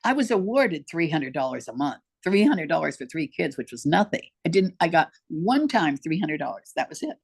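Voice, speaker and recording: An older woman speaks as a podcast guest, her voice sitting a little low. She tells her story earnestly and circles back to repeat key lines. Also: big pitch swings, normal speed, gravelly, hardly any pauses, husky. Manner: emphatic, repeats herself for weight. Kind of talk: personal storytelling in conversation.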